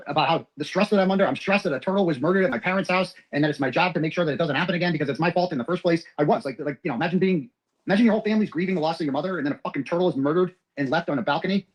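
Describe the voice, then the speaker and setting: A man telling a personal story at a rapid clip, rambling, profane and emotional. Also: fairly high pitch, expressive, slightly rough, rough recording.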